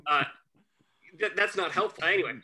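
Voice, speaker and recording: A man with a very bright, forward voice and a slightly high pitch for a man, telling stories in a relaxed chat. He acts out the people he quotes and chuckles as he goes. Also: normal speed, slight background noise. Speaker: podcast guest, family lawyer. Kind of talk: casual storytelling chat.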